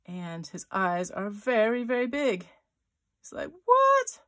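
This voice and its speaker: A woman author-illustrator with a medium-pitched voice and measured pace leads a children's drawing tutorial. She thinks aloud while sketching, chats playfully, and makes little sound effects for her drawings.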